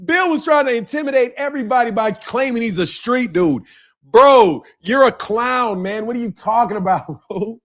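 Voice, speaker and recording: A man's voice: very high voice, fairly quick, hardly any pauses. A man hosting a boxing channel, delivering a heated, profane, mocking rant, laughing between lines and repeating himself.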